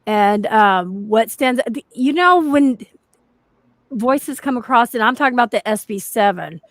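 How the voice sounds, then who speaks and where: A woman with a high voice tells a story in a casual chat among fellow paranormal investigators. She rambles and restarts her sentences often. Her voice sounds close and dry. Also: lively intonation, unhurried, no echo.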